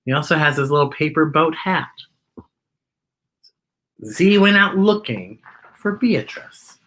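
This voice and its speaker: A woman reads a children's picture book aloud, slow and animated, her pitch swooping up and down. Her voice sits on the low side but sounds bright, and she breaks off for chatty remarks about the pictures. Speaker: children's story reader.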